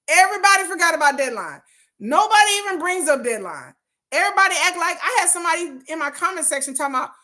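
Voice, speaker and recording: A woman, chatting casually with viewers on her livestream, laughing often and jumping high in pitch when excited. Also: fast. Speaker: livestream host.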